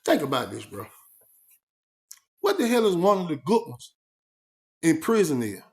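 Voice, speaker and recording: A man recounting a story in a lively, animated way. His voice sits fairly high for a man. He acts out the dialogue, adds sound effects, and leans on fillers like "man" and "you know what I mean.". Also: unhurried. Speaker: vlogger recounting his prison life.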